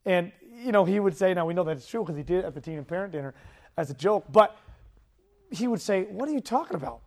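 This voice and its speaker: A man in his thirties preaching a sermon to teenagers as their youth pastor, animated and playful, acting out kids' voices in his stories. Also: high-pitched, fast talker.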